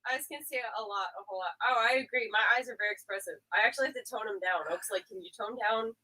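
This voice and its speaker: A woman's voice: mid-range voice, rapid-fire, bright, forceful tone, poor audio. A woman chatting casually, playful and sarcastic, calling herself a little too spazzy. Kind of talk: casual chat.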